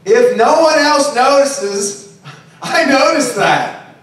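Brief: male pastor, high voice, preaching loosely and conversationally, miked from afar in a very echoey room. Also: very animated, slow pace, a bit bright. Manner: conversational preaching with frequent "okay?" and "right?". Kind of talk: sermon. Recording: very echoey, distant room recording.

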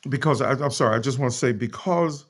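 The guest author, an American man, reads aloud during a virtual talk over video call, fast and with a breathy edge to his medium-pitched voice. He's impassioned and emphatic, but breaks off to apologize.

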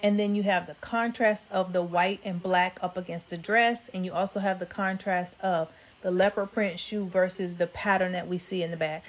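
A woman's voice: lowish voice, fairly even intonation, normal speed. Chatty woman vlogger with a twang. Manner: chatty, addresses viewers as y'all. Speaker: fashion vlogger. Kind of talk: casual styling commentary.

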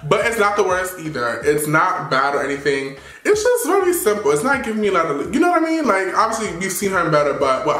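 A man giving sassy, animated red carpet fashion commentary full of playful slang. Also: fairly high pitch, reverberant.

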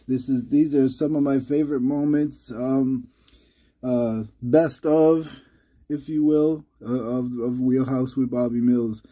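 A man hosting his channel in casual, rambling vlog talk, halting with many restarts, a little under the weather. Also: medium pitch, dark tone, breathy edge. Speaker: channel host.

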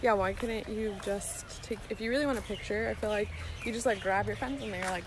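A woman's voice: medium pitch, steady tone, brisk, over music. A woman vlogger telling a story in a chatty, casual way, full of "like"s and giggly asides.

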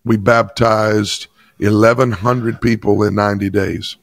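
A man's voice: lowish voice, flat delivery, unhurried, creaky, no room sound. A pastor from Chattanooga, a man, telling an emphatic personal testimony in an interview. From Chattanooga, Tennessee. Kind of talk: interview storytelling.

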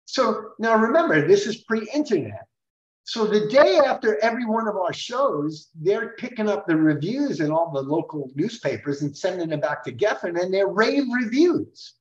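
Guy telling rock tour stories, lively pitch, echoey dull audio. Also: moderate pace. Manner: animated, acts out quotes. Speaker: podcast guest, rock singer. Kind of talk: storytelling interview.

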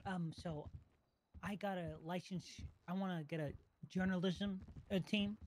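A man's voice: high-pitched, steady tone, unhurried, a little mellow, a little hiss or hum. A man in character as an aspiring journalist, talking in a brash, pushy, teasing way. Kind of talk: in-character role-play chat.

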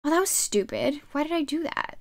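A woman streaming a game live, excitable and yelling her reactions, her throat sore from shouting. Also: high-pitched, a little fast.

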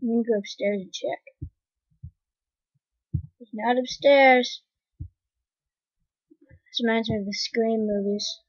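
A high-pitched woman talks through her game at an unhurried pace, complaining dramatically and breaking into panicked screams. The sound is dry and dull, like a lo-fi home recording. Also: steady tone, dry recording. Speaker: gamer. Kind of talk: gameplay commentary.

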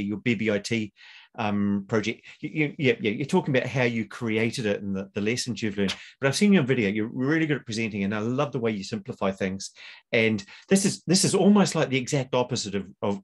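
Man, conference host, casual halting intro, mid-pitched voice. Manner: halting, full of fillers and restarts.

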